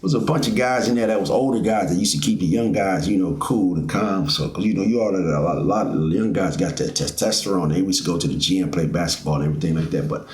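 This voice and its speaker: Middle-aged man, low-pitched, loose rambling storyteller, recorded with room echo. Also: quick pace, few pauses, a little mellow. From Fort Worth, Texas. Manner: rambling, with many fillers. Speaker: vlogger. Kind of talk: casual storytelling. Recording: roomy echo.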